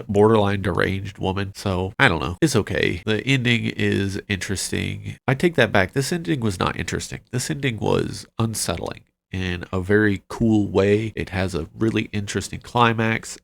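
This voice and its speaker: A man hosting a casual book wrap-up vlog, chatty and rambling, with frequent fillers and quick asides. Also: fairly low pitch, creaky, dry recording. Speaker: book channel host.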